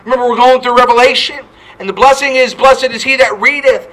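A man's voice: very high-pitched, fairly even intonation, fairly quick, fairly bright tone, rough recording. A male pastor preaching a fervent sermon, quoting scripture and repeating his points.

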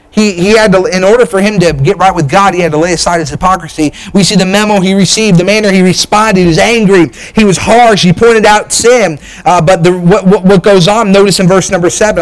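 A man's voice: sits high, rough recording. A pastor, a man, preaching a sermon with emphatic bursts, frequent restarts and direct appeals to the congregation.

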